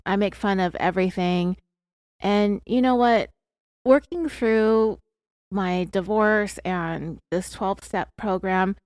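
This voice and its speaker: A woman's voice: mid-range voice, slow, dry recording, clean studio sound. A woman hosting a true crime podcast, talking in a candid, confessional, chatty way with plenty of fillers while fighting off hiccups. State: has hiccups. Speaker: podcast host.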